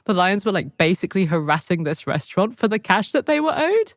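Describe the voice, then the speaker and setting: Female podcast co-host, wry and joking, animated pitch, dry close mic. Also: a little fast, dry recording. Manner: wry, joking, lively storytelling. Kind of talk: casual news podcast chat.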